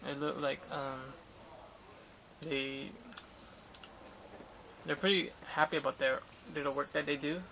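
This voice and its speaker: Rambling young man with gravelly voice. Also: a little high, flat delivery, a little slow, long pauses, sharp tone, a little hiss or hum, rough recording. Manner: rambling, many fillers and restarts. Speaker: vlogger. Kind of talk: casual summary of an interview. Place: Los Angeles area. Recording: music playing behind.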